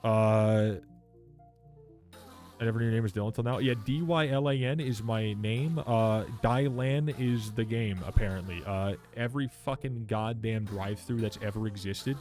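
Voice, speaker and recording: A man's voice: on the low side, moderate pace, darkish tone, faint music behind. A young man chatting casually on a live stream, rambling and swearing as he rants and answers chat. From Canada. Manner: rambling, profane ranting while reading chat.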